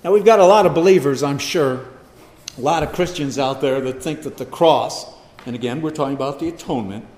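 A man preaching an expository sermon, emphatic, swinging between loud stress and hushed asides. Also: medium pitch, fairly quick. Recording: echoey hall, long reverb.

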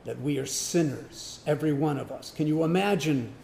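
A man preaching a sermon, emphatic, swinging from loud declarations to hushed asides. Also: fairly high pitch, moderate pace, vocal fry, slight background noise. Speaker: pastor.

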